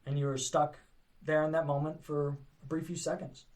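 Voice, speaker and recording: A man's voice: on the high side, level tone, moderate pace, a little mellow, recorded from a distance. A man narrating a tabletop game as game master, in a loose, chatty way full of fillers.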